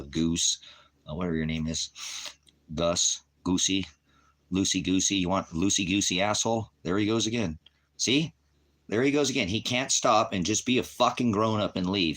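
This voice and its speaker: A man preaching on a livestream, profane and combative, berating commenters and repeating himself. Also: lowish voice. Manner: repetitive, shifting between shouting and muttering. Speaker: online preacher. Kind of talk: livestream rant at chat.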